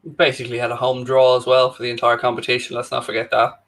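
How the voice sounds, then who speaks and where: A man's voice: mid-range voice, monotone, quick pace, fairly bright tone. A man co-hosting a live football watchalong, wry and a little hesitant. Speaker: co-host.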